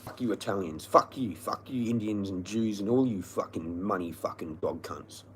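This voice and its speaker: A man's voice: low-pitched, normal speed, a little hiss or hum. A man ranting angrily and profanely on a livestream, repeating himself. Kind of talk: angry livestream rant.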